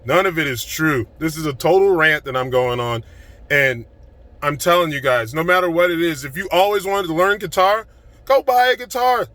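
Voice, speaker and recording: A man giving an excited, emphatic motivational rant to his phone camera, recorded in a car. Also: fairly high pitch, dry recording. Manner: excited, fast-flowing, emphatic. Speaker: vlogger.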